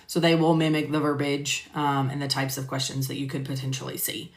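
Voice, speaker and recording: A woman with a bass voice speaks briskly with completely flat delivery. She's live streaming a medical coding lesson, chatting casually and answering viewers by name, full of fillers, on a phone or computer mic with roomy echo.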